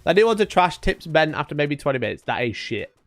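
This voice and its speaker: A man's voice: fairly high pitch, sing-song, fast talker, faint music behind. A man hosting a live stream, chatting casually with his viewers and trading sweary, mock-angry banter with them.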